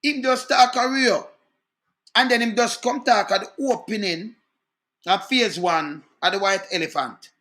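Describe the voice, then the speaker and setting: A Jamaican man with a high voice and a very bright, sharp tone rants about politics. He is indignant and talks to his listeners directly, checking in with them again and again. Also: measured pace. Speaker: online commentator. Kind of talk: animated political rant.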